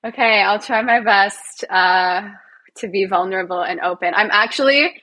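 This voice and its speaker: A woman's voice: medium pitch, moderate pace, sharp tone. A woman from Canada, a guest on an interview podcast, chatting in a bubbly, self-deprecating way and laughing often. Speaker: guest, physiotherapist and actor. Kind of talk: casual interview chat.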